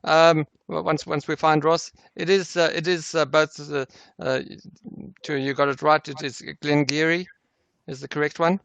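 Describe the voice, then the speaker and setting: A man with a higher, gravelly voice reads out the answers on a quiz show. He halts and stumbles through fillers, and the sound is dry. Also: flat delivery, a bit bright, no room sound. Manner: halting, full of fillers. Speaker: game organizer giving answers. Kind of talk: casual chat.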